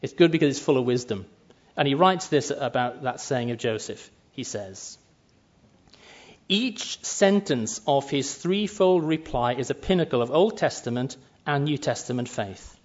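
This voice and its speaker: A man's voice: medium pitch, animated, unhurried. A man preaching a sermon in a conversational way, sometimes acting out quoted lines. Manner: conversational, acts out brief quoted asides. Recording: muffled lo-fi sound.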